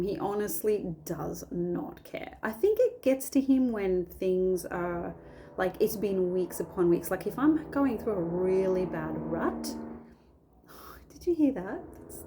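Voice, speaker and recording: A woman's voice: medium pitch, warm tone, slight background noise. A woman chatting casually at home about a Bible story, rambling and restarting her sentences often. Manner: rambling, self-interrupting, many restarts. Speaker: faith vlogger.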